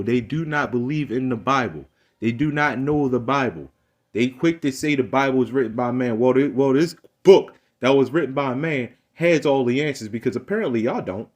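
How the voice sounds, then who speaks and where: A man giving a casual, heated monologue as a religious vlogger, repeating himself and swinging from low muttering to loud rising rants.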